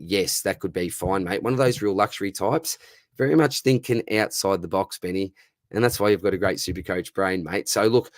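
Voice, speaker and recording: An Australian man hosting a casual livestream Q&A, hoarse from losing his voice, chummy, calling everyone mate and brother. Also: fairly low pitch, dry recording, clean studio sound. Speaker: livestream host answering viewer questions.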